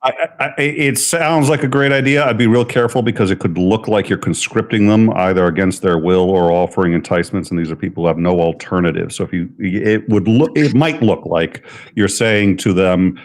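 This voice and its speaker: Deep-voiced cautious man. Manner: cautious, measured, stammering starts. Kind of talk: casual chat.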